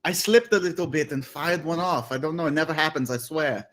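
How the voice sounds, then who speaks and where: A man's voice: a little high, fairly quick, a bit bright. Rambling, hesitant man playing a game. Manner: hesitant, rambling with restarts and laughs. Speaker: player. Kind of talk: casual tabletop game play, streamed.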